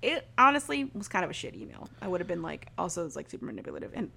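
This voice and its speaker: A young woman talks through a show's plot in an easy, rambling way, leaning on "like" and laughing now and then. Her voice sits a little lower than most women's. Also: big pitch swings, very fast, gravelly, sharp tone, slightly rough. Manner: chatty, heavy use of "like", frequent laughs. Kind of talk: casual recap of a TV show.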